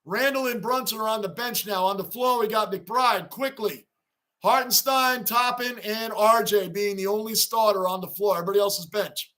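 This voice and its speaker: Excitable high-voiced man hosting a sports stream. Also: normal speed. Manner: excitable, shouts at big plays, reads chat names aloud. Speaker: livestream host. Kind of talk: casual live-chat sports reaction.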